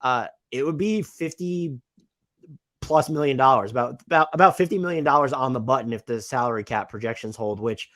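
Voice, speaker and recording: This co-host of a casual basketball analysis podcast has a medium-pitched, slightly bright voice and a brisk delivery. He asks his questions conversationally, often hedging.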